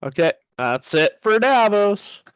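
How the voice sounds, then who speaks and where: A man's voice: high-pitched, big pitch swings, takes it slowly, a bit bright, clean tone, no room sound. A man playing in a tabletop game, swearing in mock rage and chatting casually. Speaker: player.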